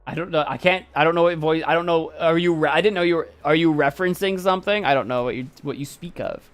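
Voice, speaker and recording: A man's voice: a little high, fast talker, faint music behind. A man hosting a stream, casually and playfully commenting on viewers' pet photos and laughing often. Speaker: streamer host.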